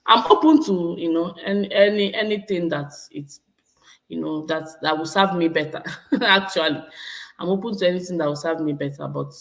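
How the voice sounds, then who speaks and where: A woman's voice: fairly low pitch, gravelly, a bit bright. A Nigerian woman in her thirties chatting casually with viewers, laughing often and switching between English and Pidgin. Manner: laughs often, slips into Pidgin, repeats herself. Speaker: vlogger reading live chat. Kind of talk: casual live-stream chat.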